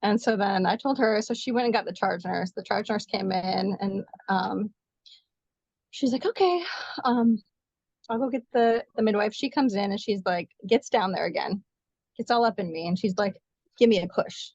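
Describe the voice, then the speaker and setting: A woman nurse telling the story of a difficult birth as an interview guest, animated and quick, acting out what others said to her. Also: mid-range voice, no echo, muffled recording. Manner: fast, animated retelling with quoted dialogue. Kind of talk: emotional personal storytelling.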